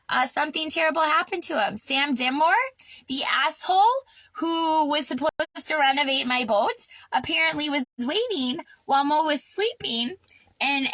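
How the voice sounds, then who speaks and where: A woman tells her story to camera in a raw personal vlog, worked up and swearing freely. She stumbles and restarts her sentences as she talks. Her voice is high and bright, and the sound is close and dry. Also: no echo, poor audio. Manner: agitated, swearing, stammering restarts. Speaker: vlogger. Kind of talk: unscripted personal vlog rant. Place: on her sailboat.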